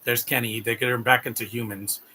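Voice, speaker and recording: A man's voice: medium pitch, flat delivery, a little fast, sharp tone, slightly rough. A man giving rambling, heartfelt live commentary on a movie, repeating words as he talks. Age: adult.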